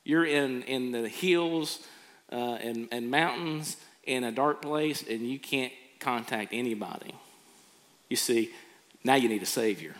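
Preacher guy, earnest, bright pushy voice, big echoey church hall. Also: mid-range voice, unhurried. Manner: earnest, acts out quoted reactions. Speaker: pastor. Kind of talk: sermon. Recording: long hall reverb.

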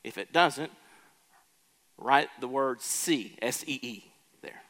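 A pastor preaching a sermon, emphatic, slowing and lifting his voice on key words. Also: medium pitch, a bit bright. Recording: hall reverb.

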